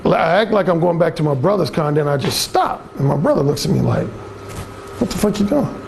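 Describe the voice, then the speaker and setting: A man's voice: on the high side, very animated, fast, vocal fry, a little mellow, slight background noise. An older man telling a crude, swaggering story in a blunt, casual way as a dating coach.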